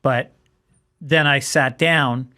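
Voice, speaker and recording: A middle-aged man, a comedian guest, telling an animated story and acting out both sides of the dialogue. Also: medium pitch, slow, faint music behind. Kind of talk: casual chat.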